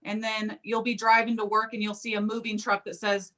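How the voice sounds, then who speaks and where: Animated woman telling a personal story. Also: medium pitch, fairly quick. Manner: animated, acts out quoted speech. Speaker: psychic medium guest. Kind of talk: casual storytelling in an interview.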